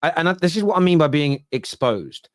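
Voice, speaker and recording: A man co-hosting a football podcast, making measured points in a casual debate. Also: a little high, sing-song, dry recording, studio quality. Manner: measured, reasoned, gently teasing.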